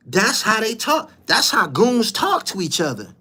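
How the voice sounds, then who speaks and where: A New man going off on a podcast rant, his voice pitched a little high. He is crude and mocking, hammers his points by repeating them, and keeps lurching between yelled jabs and quiet, low grumbles. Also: wildly swooping pitch, a little slow, hardly any pauses, husky. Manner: profane, mocking and confrontational, repeats lines for emphasis; swings from loud high outbursts to low muttered asides. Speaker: podcast host. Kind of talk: heated rant.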